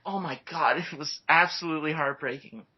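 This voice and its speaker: A young man chatting casually while reviewing a movie, excitable and often acting out scenes. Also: fairly high pitch, fairly quick, husky. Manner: excitable, acts out movie lines. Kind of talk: casual chat. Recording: dull lo-fi recording.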